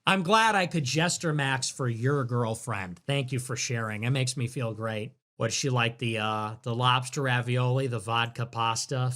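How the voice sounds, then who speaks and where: A man's voice: mid-range voice, normal speed, few pauses, a bit bright. A young man hosting a livestream, reacting to chat in a crude, sarcastic, ranting way. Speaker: livestream host.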